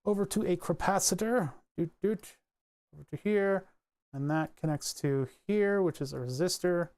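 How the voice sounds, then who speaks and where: A man's voice: high-pitched, normal speed, a little mellow. Rambling man thinking aloud in a tutorial. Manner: rambling, joking, mutters while drawing; grumbles wryly about his tools. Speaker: electronics hobbyist explaining circuit tracing. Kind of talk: casual screen-recorded tutorial, thinking aloud.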